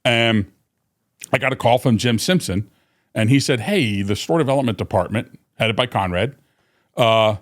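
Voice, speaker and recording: A man's voice: mid-range voice, moderate pace. A man in his fifties, a company vice president, casually telling stories on a podcast with many fillers and restarts. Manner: rambling, many fillers and restarts, animated when quoting. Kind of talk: casual storytelling in a podcast interview.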